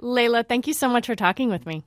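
A woman's voice: fairly high pitch, lively intonation, quick pace, no room sound. A woman hosting a radio interview show in a studio, friendly and lightly teasing with her callers.

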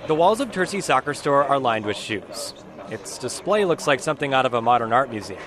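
A man with a mid-pitched voice narrates a radio news feature. He reads steadily and describes each scene plainly. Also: very animated, a little fast, crowd noise. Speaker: reporter. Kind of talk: scripted news report.

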